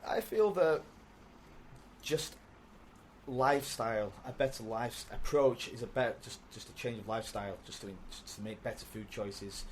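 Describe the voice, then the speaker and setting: A man's voice: mid-range voice, normal speed, a little hiss or hum. British man chatting with lots of restarts. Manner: hesitant, repeats words, laughs often. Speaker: podcast guest. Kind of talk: casual conversation.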